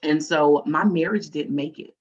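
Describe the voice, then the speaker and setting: A woman with a husky, breathy voice tells her faith story openly and from the heart. She slips into lively voices when she quotes her past self. The recording sounds slightly muffled and lo-fi. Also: sits low, moderate pace. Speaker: guest. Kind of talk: personal faith testimony.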